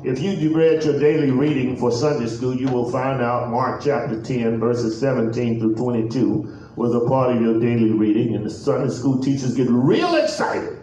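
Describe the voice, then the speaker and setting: A pastor preaching a sermon in a chanted, sing-song cadence. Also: male voice, mid-range voice, normal speed, mellow, recorded from a distance, dull audio. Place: large echoey church sanctuary. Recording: echoey church from afar, faint organ music.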